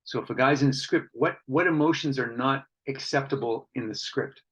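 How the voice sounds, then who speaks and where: A man leads an online workshop at an ordinary middle pitch, reading out what participants have written and reflecting on it. His delivery is earnest and conversational, with frequent restarts. The sound is dull and lo-fi, like a video call. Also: moderate pace, a bit bright, husky. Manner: reads out participants' comments and reflects on them. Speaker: workshop facilitator.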